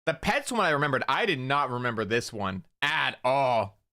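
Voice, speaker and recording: A man streaming casually, telling stories with animated energy, acting out quotes and swearing freely. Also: mid-range voice, normal speed.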